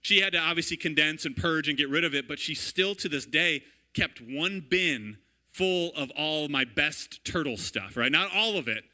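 A man in his thirties preaching a sermon in a lively, conversational way, often checking in with "right?". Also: a little high, normal speed. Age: 30s. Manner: animated, conversational, repeats "right?" and "all right?". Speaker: pastor.

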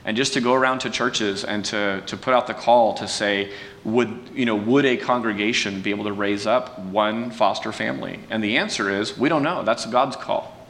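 A man preaching in a relaxed, conversational way, folksy and self-deprecating, with restarts and fillers. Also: moderate pace. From California. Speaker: pastor. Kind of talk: conversational sermon talk. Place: church sanctuary. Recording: distant mic with long hall reverb and faint rumble.

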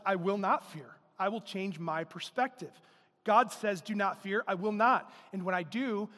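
A male pastor preaching a sermon, emphatic, rising to loud exclamations. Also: high voice, long reverb tail. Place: church.

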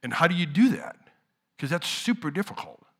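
A middle-aged man preaching a sermon in a casual, talky way, his voice bright and forward. He sinks to near-whispers on key words and then surges loud again. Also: big pitch swings, a little fast, slightly rough. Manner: conversational preaching, swings from hushed lows to loud outbursts. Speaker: pastor.

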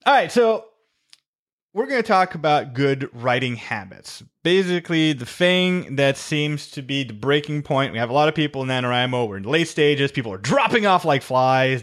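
A man's voice: mid-range voice, expressive, normal speed, fairly bright tone. A man in casual chat on a writing podcast. His talk runs on in long, rambling stretches that stay upbeat, and he keeps correcting himself as he goes. He is recorded over a remote call. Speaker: podcast co-host, writer. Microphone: remote call mic.

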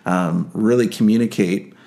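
A man's voice: lowish voice, moderate pace, gravelly, dark tone. A man hosting a casual parenting discussion, hesitant, with many fillers and "right?" tag questions. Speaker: podcast host.

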